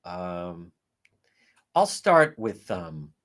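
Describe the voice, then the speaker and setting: A man hosting a casual livestream, ranting in an animated, profane way. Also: low-pitched, extremely slow. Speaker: livestream host.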